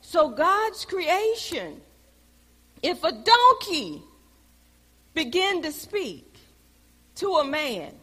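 A woman teaching a Bible lesson in a preaching style, telling stories with lively, loud exclamations. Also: very high voice, extremely slow, pauses often. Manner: animated storytelling, rises to loud exclamations. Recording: long hall reverb.

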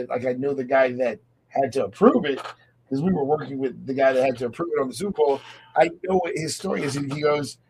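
Brief: male faith-radio host, gravelly tone, animated storyteller who acts out quotes. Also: mid-range voice, a little hiss or hum, poor audio.

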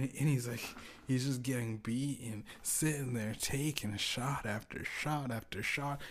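Male podcast host, mid-pitched, loose profane comic rant with frequent laughs and sudden loud bursts. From Canada. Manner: rambling, profane, laughs often, shifts between mutters and loud outbursts. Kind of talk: casual comedic monologue.

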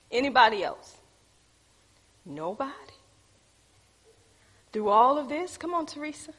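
Woman, church teacher, preachy, higher pitch, husky. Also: sing-song, measured pace, pauses often, a bit bright. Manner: preachy, calls on the audience. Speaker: church teacher leading a group. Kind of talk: teaching talk with congregation.

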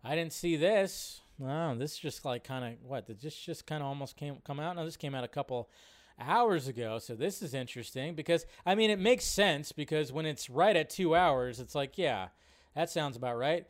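A man's voice: fairly high pitch, lively intonation, normal speed. A man hosting a casual live-stream chat, rambling and often cutting himself off as he reads out viewer questions. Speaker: host.

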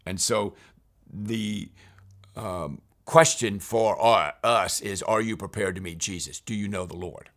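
A man, a priest, guiding listeners through weekly Bible readings in an earnest, unhurried way, reading passages of scripture aloud. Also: lowish voice, fairly bright tone. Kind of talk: Bible reading guide talk.

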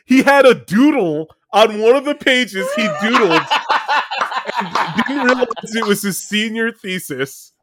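Animated, laughing man telling a story. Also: high voice, measured pace, noisy background. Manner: animated, laughing often, profane. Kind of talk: casual storytelling among friends.

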